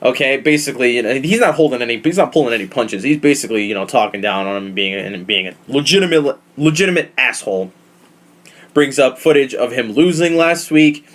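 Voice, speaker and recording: A man talking casually as a podcast host at an even, middle pitch. He tells the story in a rambling, profane, animated way and often repeats himself. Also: a little fast. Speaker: podcast host recapping wrestling. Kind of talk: casual chat.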